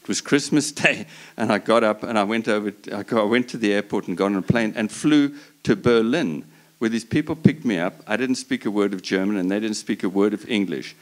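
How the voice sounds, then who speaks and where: On a breeders' panel at a live talk, a man with a lowish voice speaks a little fast. He tells a long personal story earnestly and passionately, frequently restarting his sentences.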